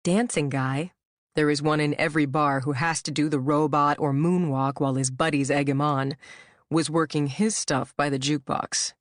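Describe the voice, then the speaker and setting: Brief: female audiobook narrator, deep and dry-miked, measured, wry. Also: steady tone, dry recording.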